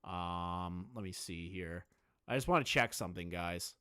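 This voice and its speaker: A man doing live-stream commentary in a crude, mocking and excitable way. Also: sits low, unhurried, clean tone.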